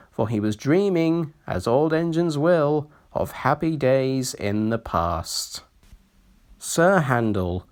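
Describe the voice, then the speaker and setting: A man reading a children's storybook aloud, his fairly high voice rising and falling a great deal. He reads slowly and expressively. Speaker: narrator.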